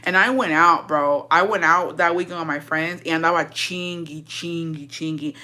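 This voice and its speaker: A young woman talks into her phone and headphones on a live stream, dishing a story with blunt, profane energy. Her voice sits fairly low but comes across bright and sharp, full of animated swings. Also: normal speed.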